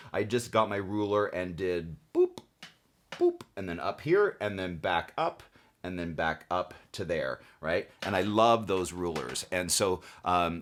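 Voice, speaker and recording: A man with a very low voice walks through a hands-on lesson in an easygoing, conversational way. He keeps checking in with little asides as he shows each step. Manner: relaxed, chatty, frequent "right?" and "okay?" check-ins. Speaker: quilting instructor. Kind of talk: casual tutorial demonstration.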